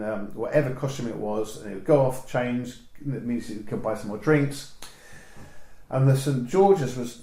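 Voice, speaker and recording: A man's voice: medium pitch, darkish tone, reverberant, poor audio. A man with a southern English accent, a photographer telling meandering stories in a casual interview. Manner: meandering, chatty storytelling.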